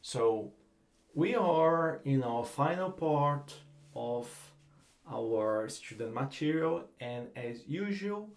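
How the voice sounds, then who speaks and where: A man with a Brazilian accent, giving a relaxed guitar lesson and explaining technique with frequent fillers. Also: mid-range voice, slow. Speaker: guitar teacher. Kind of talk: instructional lesson.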